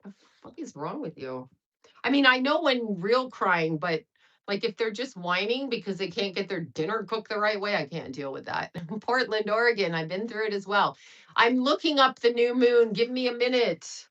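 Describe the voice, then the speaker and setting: An outspoken woman in her fifties chats on her livestream, and her bright, sharp-edged voice runs loosely from story to story. She swears without a pause and laughs at her own bluntness. The sound is a little dull and lo-fi. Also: medium pitch. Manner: blunt, profane, laughing, rambling. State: sweating. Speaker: livestream host and astrologer. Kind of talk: casual livestream chat.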